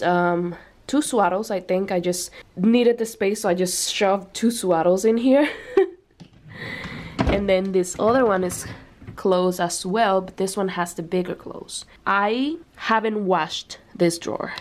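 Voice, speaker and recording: A young woman chats her way through a casual home vlog, showing off a baby's nursery. She thinks aloud with fillers and soft laughs. Her pitch sits in an ordinary middle range. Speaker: vlogger.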